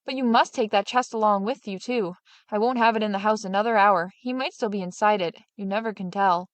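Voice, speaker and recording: A woman's voice: mid-range voice, fairly quick, no echo, close to an everyday voice. A woman doing a jittery gullible farmer. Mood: pleading. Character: gullible, easily scared farmer man.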